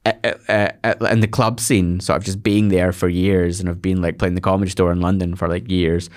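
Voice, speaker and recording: A man's voice: sits low, flat delivery, a little mellow. Rambling Scottish man telling stories. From Scotland. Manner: rambling storyteller with quick restarts. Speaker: guest comedian. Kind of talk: casual anecdotal chat.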